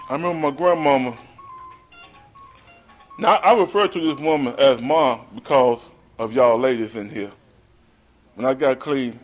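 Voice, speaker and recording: A man from North Carolina telling his personal story at a recovery meeting in a conversational way, often calling the listeners "man.". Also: mid-range voice. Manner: conversational, addresses the room with "man".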